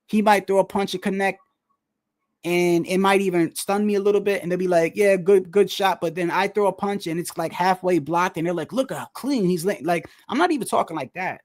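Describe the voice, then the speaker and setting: A man, a boxer, chatting casually about a fight, animated and laughing, saying "bro" a lot. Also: high-pitched, a little fast. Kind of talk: casual fight commentary chat.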